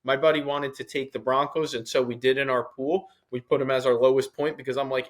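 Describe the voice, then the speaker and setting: A man's voice: mid-range voice, little pitch movement, fairly quick, few pauses. A man with a New York accent co-hosting a sports podcast, giving blunt, opinionated takes in casual chat. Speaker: podcast co-host.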